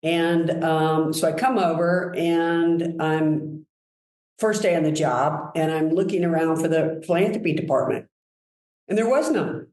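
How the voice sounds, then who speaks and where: A woman guest telling enthusiastic, animated stories about her work in a relaxed conversation. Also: deep voice, measured pace, echoey room, poor audio. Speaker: guest, brand executive. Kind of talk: conversational storytelling.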